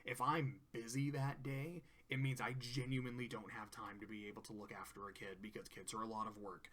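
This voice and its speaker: A man's voice: medium pitch, flat delivery, fairly quick, fairly bright tone. A man casually reviewing cartoon episodes, rambling, laughing often and swearing.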